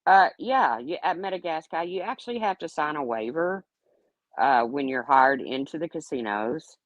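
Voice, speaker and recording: A middle-aged woman with a strikingly deep voice tells candid stories in an easy, unfiltered way. Her pitch moves a lot as she acts out what others said. The sound is close and dry, with little room around it. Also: animated, moderate pace, no room sound, highs cut off. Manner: candid, swears freely, acts out quotes. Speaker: host telling stories. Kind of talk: casual storytelling.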